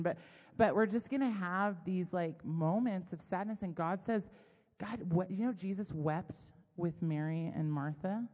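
Middle-aged woman preacher, low-ish voice, chatty storyteller, big reverberant hall. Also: unhurried. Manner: chatty, self-deprecating, animated storytelling. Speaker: speaker at a church gathering. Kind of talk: conversational sermon.

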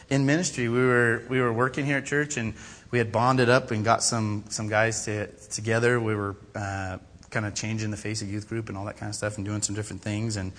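A man's voice: mid-range voice, slight background noise. A man preaching a sermon in a church, telling funny stories about himself and acting out the voices of the people in them. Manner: animated, self-mocking, acts out quoted voices. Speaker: pastor. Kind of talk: storytelling sermon.

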